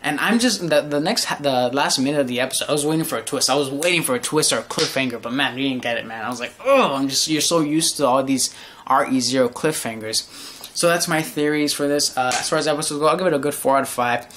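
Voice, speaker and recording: A man giving a casual anime episode review, animated and profane, with lots of fillers and restarts. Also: on the high side, fast talker, few pauses, a little hiss or hum.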